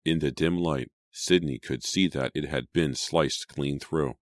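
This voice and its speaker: A man narrating an audiobook in a measured, suspenseful way. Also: rumbling low, no echo, studio quality. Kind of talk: scripted narration.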